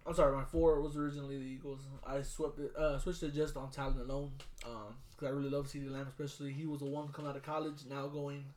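A man co-hosting a casual sports podcast, telling stories with a lot of swearing and loud bursts when he gets excited. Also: mid-range voice, fast, hardly any pauses. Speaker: podcast co-host.

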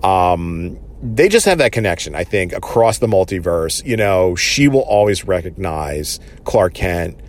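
A man's voice: low-pitched, sing-song, a little slow, hardly any pauses. A man casually recapping a TV episode, enthusiastic and rambling, with many fillers.

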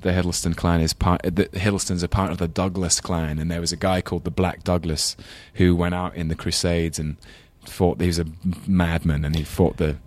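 A man in his thirties with a London accent talks loosely as an interview guest, drifting between thoughts and laughing at his own stories. His voice sits very low. The sound is close and dry. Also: flat delivery, brisk, few pauses, darkish tone, no echo. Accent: London English. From England. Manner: rambling, self-deprecating, laughs often. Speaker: actor guest. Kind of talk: casual interview chat.

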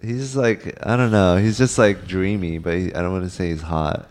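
A man's voice: sits low, fairly even intonation, normal speed, darkish tone. A man in casual group chat, blunt and crude, tossing out dry one-liners.

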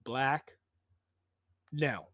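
A man's voice: mid-range voice, lively intonation, drawn-out words, fairly bright tone. A man hosting a solo podcast, swearing constantly and ranting angrily, recorded in a small pump house. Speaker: podcast host. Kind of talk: solo profane rant. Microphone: podcast microphone.

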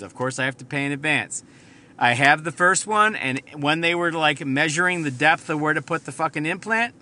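A sharp, very bright-toned man in his thirties who rants through a personal story on his podcast. He swears freely, jumps around, and swings from muttered asides to loud, incredulous outbursts. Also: a little high. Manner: profane, heated, jumps around. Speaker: podcast host. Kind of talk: solo storytelling rant.

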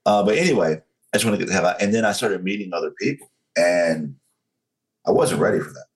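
Very deep-voiced Southern man. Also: lively intonation, rough recording. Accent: Southern US, North Carolina. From North Carolina. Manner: slow and controlled, casual and frank. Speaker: guest. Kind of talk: candid interview storytelling.

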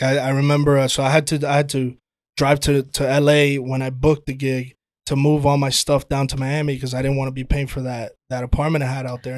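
A man chatting casually as a podcast guest, telling animated stories, swearing freely and calling people "dude". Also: medium pitch, dry recording, studio quality. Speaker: guest, actor and playwright.

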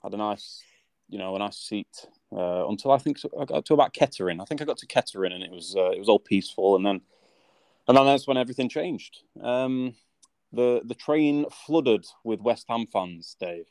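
Rambling man with a low voice. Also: lively intonation, fairly quick, a little mellow, no room sound. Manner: rambling, stammers, grumbling. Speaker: podcast co-host. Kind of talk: casual chat, storytelling.

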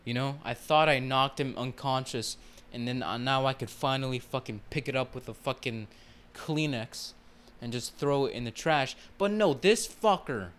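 A man's voice: mid-range voice, steady tone, moderate pace, few pauses, a bit bright. A man hosting his own podcast, ranting casually in a rambling, heavily profane way full of fillers. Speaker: podcast host. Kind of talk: casual solo rant.

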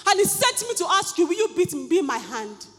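A woman pastor preaching a sermon fervently, building to shouted repeated phrases. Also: extremely high pitch, very animated, fairly quick, long reverb tail, faint music behind. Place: church hall.

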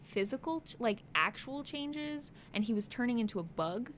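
A woman's voice: a little high, expressive, moderate pace, fairly bright tone, slight background noise. A young woman co-hosting a podcast in casual chat, chatty and giggly with lots of filler words. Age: young adult. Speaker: podcast co-host.

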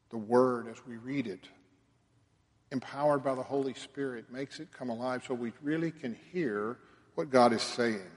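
A man preaching a sermon as a pastor, earnest, his voice swelling and dropping in loudness. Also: mid-range voice, moderate pace, breathy edge. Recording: long hall reverb.

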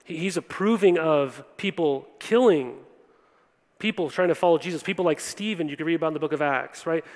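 A man's voice: on the high side, fairly quick, darkish tone. A young man preaching a sermon earnestly, addressing listeners directly and often checking in with "right?". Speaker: pastor. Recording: long hall reverb.

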